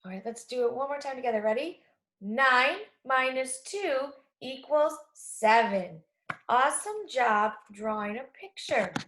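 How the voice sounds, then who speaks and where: A woman teaching a math lesson to young children, speaking slowly and clearly, asking questions and then answering them herself. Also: high voice, lively intonation, a bit bright. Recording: echoey room.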